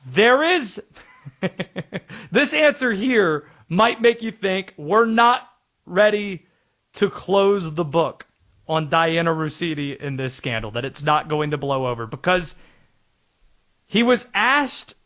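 High-voiced, quick-talking sports talk host. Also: male voice, a bit bright. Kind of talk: casual sports debate.

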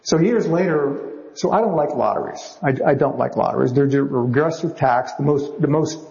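A man's voice: mid-range voice, moderate pace, gravelly, darkish tone, dull audio. A man who writes novels, telling anecdotes in a wry, chatty way as an interview guest. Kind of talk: anecdotal storytelling.

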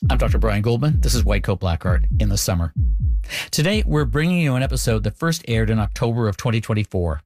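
Brief: male radio host, lowish voice, calm measured read, dry close sound. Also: gravelly, no room sound, soft background music. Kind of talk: scripted radio narration.

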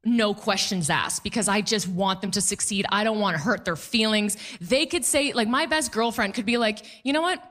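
A woman in her thirties performing a stand-up comedy set, telling stories with playful, animated delivery and mock voices. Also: mid-range voice, normal speed, hardly any pauses. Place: comedy club stage.

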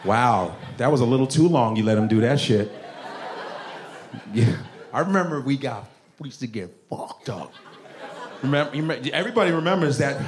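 A man's voice: medium pitch, animated, normal speed, long pauses, slight background noise. Brash, profane stand-up comic man. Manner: brash, profane, laughing, does voices of parents. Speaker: stand-up comedian. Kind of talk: stand-up comedy with crowd work. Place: comedy club stage with audience.

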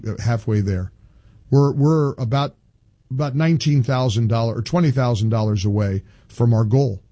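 An older man hosting a talk radio show, speaking in an animated, emphatic way and often repeating himself. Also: mid-range voice, no echo.

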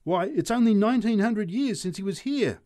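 A man voicing an excitable male drunk in a street crowd, calling out loudly. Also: high-pitched, normal speed, pitched above the performer's own voice, full character voice. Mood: incredulous. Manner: loud, excitable, slurring exclamations.

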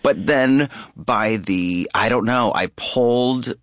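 A man, a stage actor as a guest, telling animated anecdotes in a conversational interview with laughs and restarts. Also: medium pitch, slow, no echo, clean studio sound.

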